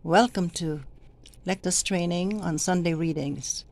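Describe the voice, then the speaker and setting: A middle-aged woman training church lectors, explaining how to proclaim the readings in a slow, deliberate way and stretching the words she stresses. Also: lowish voice, darkish tone. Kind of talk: instructional reading guide.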